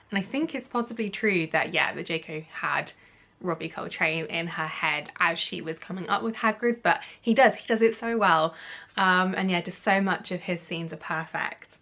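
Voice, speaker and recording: A woman's voice: mid-range voice, sharp tone. Upbeat woman vlogging casually. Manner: upbeat, enthusiastic and rambling. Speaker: YouTuber comparing books and films. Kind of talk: casual chatty vlog review.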